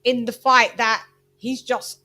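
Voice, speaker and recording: A woman's voice: fairly high pitch, level tone, slow, pushed and bright, faint music behind. A woman hosting a boxing channel, chatting casually in a wandering way to her livestream viewers. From Britain.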